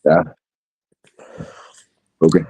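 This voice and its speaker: A man's voice: extremely slow, dry recording. A man chatting casually on a podcast, telling stories with plenty of swearing and acted-out quotes. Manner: swearing, storytelling with loud re-enacted quotes. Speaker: podcast co-host. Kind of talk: casual chat.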